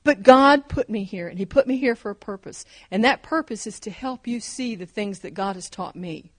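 A woman's voice: mid-range voice, normal speed. Fervent woman preaching, emphatic repeats. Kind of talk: sermon.

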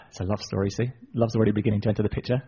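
Husky-voiced man preaching a story sermon. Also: on the low side, racing. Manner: lively retelling, asides to the audience. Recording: dull lo-fi recording.

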